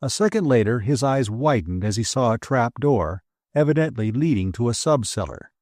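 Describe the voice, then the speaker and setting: A man's voice: medium pitch, normal speed, dry recording, studio quality. Man narrating an adventure audiobook. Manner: expressive storytelling delivery.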